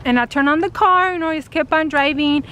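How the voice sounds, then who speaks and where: A woman vlogger telling a personal story casually to camera, animated and full of fillers, acting out what people said. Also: sits high, brisk, a little hiss or hum. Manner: animated retelling, acting out quoted dialogue, many fillers. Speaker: spiritual vlogger.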